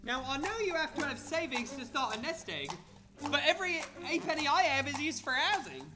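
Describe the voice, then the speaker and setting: Actor as a broke Cockney music-hall comic with lively, thick-accented banter over music. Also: high-pitched, a little fast. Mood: chirpy. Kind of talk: radio play acting on stage.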